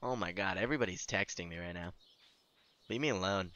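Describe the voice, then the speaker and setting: A man's voice: deep voice, a little fast, bright, forceful tone, highs cut off. A young man casually narrating his game playthrough, goofy and lightly cursing as he reads game dialogue aloud. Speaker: gaming YouTuber. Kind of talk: casual let's-play commentary.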